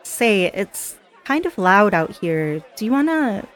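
A woman's voice: medium pitch, big pitch swings, takes it slowly, fairly bright tone, some chatter behind. A woman playing a chatty, giggly party girl. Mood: teasing. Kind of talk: scripted audio role-play.

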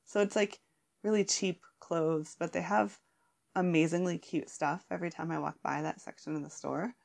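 Female guest, low gravelly voice, giggly and rambling answers. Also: fairly even intonation, normal speed, darkish tone. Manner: giggly, rambling, many fillers and restarts. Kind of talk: casual chat.

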